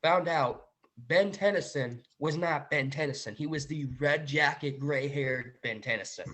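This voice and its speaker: A man's voice: on the high side, unhurried, a bit bright. A man hosting a podcast, casually and animatedly retelling a dream to his viewers and often saying "literally" and "guys". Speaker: podcast host.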